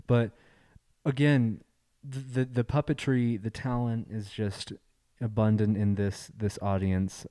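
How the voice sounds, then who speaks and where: Halting, dark-voiced male show host. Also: fairly low pitch, dry recording. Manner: halting, full of fillers and restarts. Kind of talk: casual chat show hosting.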